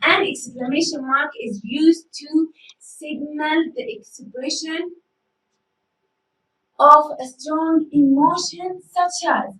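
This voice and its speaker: A woman's voice: sits high, slow pace, pushed and bright, distant mic. A woman whose first language is Arabic teaches an English lesson, repeating key words and asking the class rhetorical questions. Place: school studio. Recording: echoey room, voice from off-mic.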